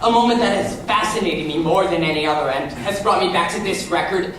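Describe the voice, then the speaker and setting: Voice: medium pitch, brisk, fairly bright tone, slight background noise, natural voice. An actor in a stage musical playing a lonely, fussy man who talks confidingly to the audience about an old cast record. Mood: chatty. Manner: chatty, confiding asides to the audience. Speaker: stage narrator. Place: large theatre stage. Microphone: far room mic. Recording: distant, echoey theatre stage recording.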